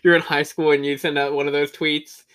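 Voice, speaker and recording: A man's voice: a little high, flat delivery, a little fast, a bit bright, smooth. A man co-hosting a podcast in casual chat, joking and candid about his past. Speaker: podcast co-host.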